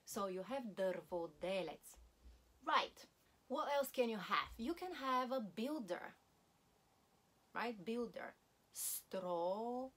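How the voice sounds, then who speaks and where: Woman, language teacher, slow and deliberate, repeats each word for practice. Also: on the high side, animated, a bit bright, husky. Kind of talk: language lesson.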